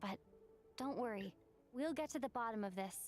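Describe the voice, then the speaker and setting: A woman voicing a determined young female adventurer in a game, calm and reassuring. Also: fairly high pitch, moderate pace, over music, lightly acted. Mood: resolute. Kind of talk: game dialogue.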